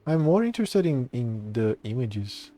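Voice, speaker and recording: A man's voice: medium pitch, big pitch swings, moderate pace, warm tone, faint music behind. Casual male streamer, talks loose, laughs a lot, swears. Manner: rambling, laughs and swears often. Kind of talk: casual gameplay commentary.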